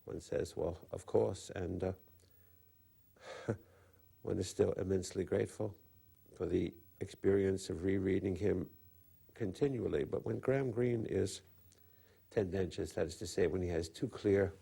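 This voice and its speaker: An older man answering call-in questions about books, pausing often with fillers and stammering restarts. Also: sits low, gravelly, mellow, slightly rough. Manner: halting, many filler pauses and stammered restarts. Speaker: interview guest, literary critic. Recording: on-air broadcast interview.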